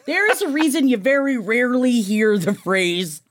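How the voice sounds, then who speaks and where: A woman's voice: fairly high pitch, animated, normal speed. A woman co-hosting a podcast, chatting casually and bluntly, laughing often. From Polish-American heritage. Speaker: podcast co-host. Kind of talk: casual chat.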